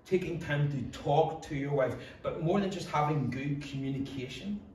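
A Northern Irish man preaches to his congregation, earnest and direct, slipping into quick acted-out asides now and then. His fairly high voice rings around a very echoey church hall, picked up from some distance away. There is a faint hum of room noise underneath. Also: a little mellow. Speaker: pastor. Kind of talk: sermon.

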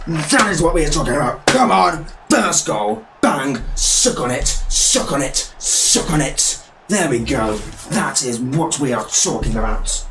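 A young British man giving excitable, cheeky live commentary on a football video game, with game music behind him. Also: mid-range voice, unhurried, background noise. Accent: British English. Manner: excitable, shouting and cheeky trash talk. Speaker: gaming YouTuber.

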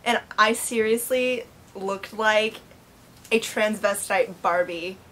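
A woman, an actor, chatting in a lively, amused way about an old school role. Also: medium pitch, takes it slowly. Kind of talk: casual interview.

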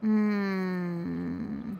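A woman's voice: lowish voice, steady tone, drawn-out words, gravelly, lo-fi sound, a little hiss or hum. A woman streamer, ill with a throat infection, casually commenting on gameplay and teasing her chat. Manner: teasing, sardonic chatter at chat.

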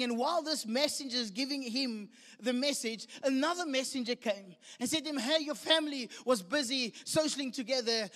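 A man with a South African English accent preaching a sermon, animated, acting out the voices of the people he quotes. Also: extremely high pitch. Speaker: pastor. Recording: long hall reverb.

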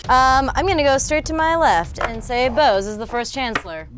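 A woman's voice: high voice, moderate pace, music in the background. A woman playing a board game, making wry teasing remarks in casual banter. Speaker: player.

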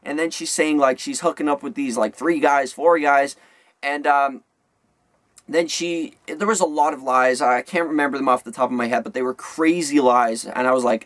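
A man's voice: medium pitch, steady tone, moderate pace, fairly bright tone, dry recording. A young man telling a story to camera in a vlog, rambling with many fillers and restarts. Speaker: vlogger.

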